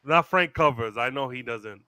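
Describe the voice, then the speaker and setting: Brief: podcast host man, bright clear voice, slightly high, dry and close, laughs a lot. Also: normal speed, no room sound. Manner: laughs often, uses fillers when plugging the show. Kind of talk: casual sports banter, show sign-off.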